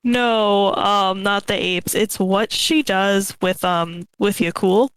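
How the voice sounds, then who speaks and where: Female co-host, mid-pitched, bubbly and gushing, dry recording. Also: takes it slowly, smooth, dry recording, rough recording. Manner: bubbly, gushing, lots of fillers. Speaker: podcast co-host. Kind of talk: casual chat.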